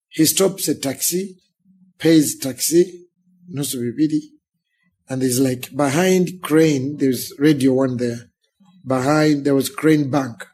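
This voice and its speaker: A man's voice: mid-range voice, a little mellow, husky. A Ugandan man, a pastor in his thirties or forties, telling his life story as an interview guest and acting out the people in it. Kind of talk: emotional storytelling in a sit-down interview.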